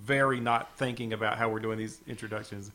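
A man's voice: lowish voice, fairly even intonation, brisk, sharp tone. A man co-hosting a podcast, laughing often and talking in a self-deprecating way. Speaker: podcast co-host. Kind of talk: casual chat.

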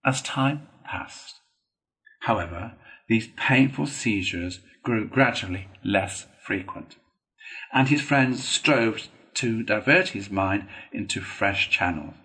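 A man with a lower-than-average voice reads a classic children's tale aloud. His narration is measured and even, with an unhurried storytelling pace. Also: low-quality recording. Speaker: reader.

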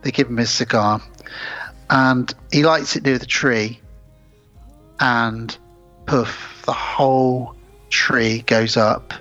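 A man's voice: mid-range voice, fairly even intonation, takes it slowly, long pauses, bright, forceful tone. A man, co-hosting a podcast, who casually retells film scenes in detail. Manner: retells scenes, often quoting characters. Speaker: podcast co-host. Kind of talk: casual film recap chat. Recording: slightly dull podcast audio with faint music.

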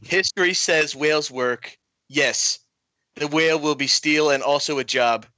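A man's voice: a little high, unhurried, pushed and bright, no room sound. A man doing an impression of a boastful, rambling male president giving a grandiose speech.

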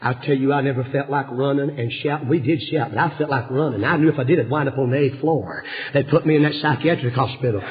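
A man preaching a revival sermon, telling stories with passion and swinging from hushed tones to shouting. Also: medium pitch, fast talker. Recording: dull lo-fi sermon recording.

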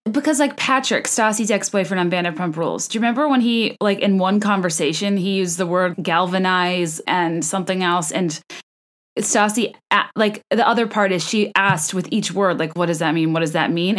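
Chatty, self-deprecating young woman podcaster. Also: lowish voice. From American South. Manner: chatty, self-deprecating, rambling with restarts and laughs. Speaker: podcast host. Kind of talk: casual solo podcast monologue.

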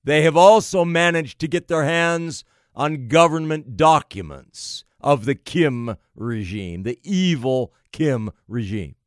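A man delivering an emphatic political monologue, slow and deliberate, piling up phrase after phrase. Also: a little high, expressive, dry recording, studio quality. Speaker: political commentator.

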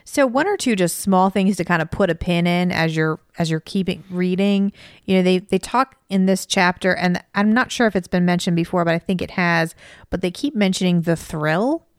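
A podcast co-host who is raising school-age kids reflects casually and analytically on a book she's reading, with frequent "you know"s. She speaks at normal speed with a fairly low pitch, recorded dry at studio quality.

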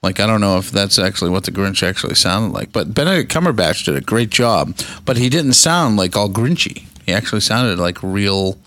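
A man hosting a podcast in casual chat, talking haltingly with many restarts and fillers. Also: fairly low pitch, sing-song, a bit bright. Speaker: podcast host.

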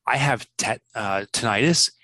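A man in his fifties, a business author guest, chatting casually in an interview and acting out quotes with lively swings of voice. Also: mid-range voice, moderate pace, no echo. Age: 50s. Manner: animated, laughs easily, acts out quotes.

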